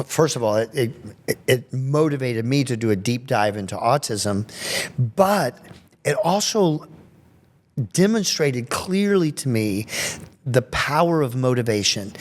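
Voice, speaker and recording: A man's voice: mid-range voice, unhurried. A magician and special education researcher telling stories in an interview, acting out voices as he goes. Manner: animated storyteller, acts out children's voices. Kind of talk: storytelling interview.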